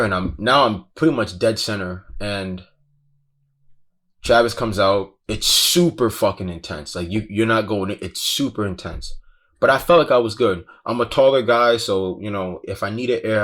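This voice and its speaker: A man's voice: fairly low pitch, fairly bright tone. A man casually recounting a tense first-hand story, slangy and profane, saying "bro" constantly. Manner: intense, breathless retelling. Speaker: guest recounting a festival crowd crush.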